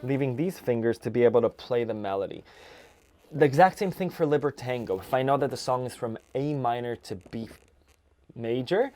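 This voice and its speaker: Man teaching accordion over loud playing. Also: mid-range voice, normal speed. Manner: relaxed, explanatory, counting beats aloud between playing. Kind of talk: music lesson. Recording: accordion music loud in background.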